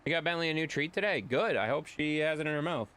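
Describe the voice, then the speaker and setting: A man's voice: a little high, expressive, quick pace, bright, forceful tone, smooth. A man streaming live, chatting casually and rambling as he answers viewers' chat.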